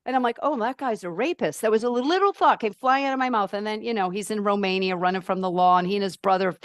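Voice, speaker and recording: A woman guesting on a podcast, talking in an emphatic, outspoken, animated way with big swings in pitch. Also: fast talker, clean tone, no echo. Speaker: podcast guest, life purpose coach. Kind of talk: casual podcast conversation.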